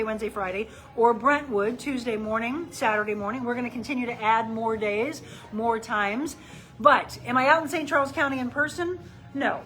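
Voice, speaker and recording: A woman's voice: a little high, a bit bright, low-quality recording. A middle-aged woman from the St. Louis area, a personal trainer chatting casually on a live stream while she demonstrates exercises. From St. Louis area, Missouri. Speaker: personal trainer and life coach.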